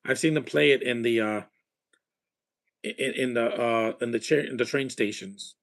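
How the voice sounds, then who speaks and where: A man's voice: medium pitch, moderate pace, creaky. A man giving a live, off-the-cuff commentary while he watches a film, rambling between remarks and often restarting his sentences.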